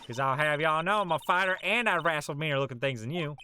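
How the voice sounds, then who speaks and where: A man's voice: a little high, fast, pushed and bright, a little hiss or hum. A man doing a hearty Southern gal with a drawl. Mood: brash. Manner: folksy drawl, hearty, chatty. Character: boisterous young Southern woman photographer. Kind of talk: video game dialogue read aloud.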